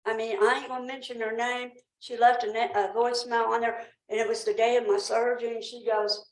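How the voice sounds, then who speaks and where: A woman's voice: fairly high pitch, level tone, brisk, few pauses, echoey room, poor audio. A woman with a Southern accent addressing a town council, talking in a nervous, rambling way and struggling a little with her speech. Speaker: resident speaking at public comment. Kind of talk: emotional personal account. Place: town council meeting room.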